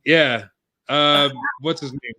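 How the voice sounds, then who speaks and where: Podcast host, male, bright higher voice, rambling casual delivery, slightly winded. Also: slow pace. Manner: rambling, filler-heavy plugging. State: out of breath.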